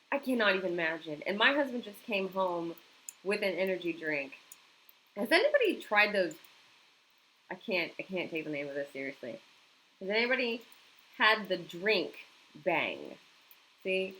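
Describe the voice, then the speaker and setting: A woman's voice: medium pitch, sing-song, moderate pace, sharp tone, low-quality recording. A woman chatting casually on a home live stream, reacting to viewer comments and laughing often.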